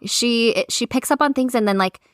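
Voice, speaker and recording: A woman's voice: a little high, moderate pace, dry recording, clean studio sound. A woman in her thirties co-hosting a podcast, chatting casually, laughing often and peppering her speech with "like.". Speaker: podcast co-host. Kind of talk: casual chat.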